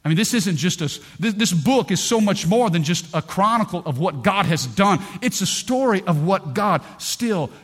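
A middle-aged man preaches to his congregation in a slightly high voice. He tells stories with energy, rising to loud bursts and dropping to near-hushed lines. He calls out to the people in the pews as he goes. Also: moderate pace, few pauses. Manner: animated storytelling, swinging between loud bursts and hushed lines. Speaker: pastor. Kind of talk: sermon. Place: church.

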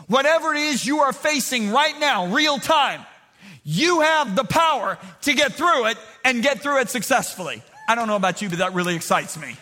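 A male preacher with a high, bright, forceful voice delivers an emphatic sermon. He calls on the congregation to answer him aloud. He swings from shouting to quiet storytelling. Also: expressive, normal speed, big-room sound.

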